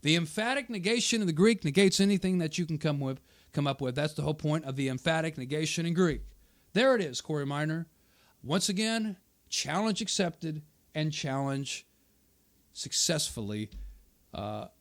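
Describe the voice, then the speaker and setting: His voice sits on the high side and runs at a normal speed. The man hosts a channel and, commenting on a debate video, combatively rebuts quoted remarks from his opponent, pressing his arguments by repeating them.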